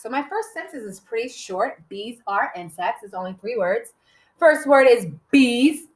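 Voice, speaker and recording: A woman teaching a writing lesson to young children, sounding out letters slowly and cheerfully. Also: medium pitch, reverberant.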